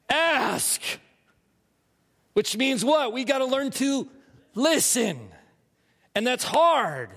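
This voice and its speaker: Man preaching, high voice, animated, stammers and repeats, long hall reverb. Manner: animated, laughing asides, repeats himself. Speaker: pastor. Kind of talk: sermon.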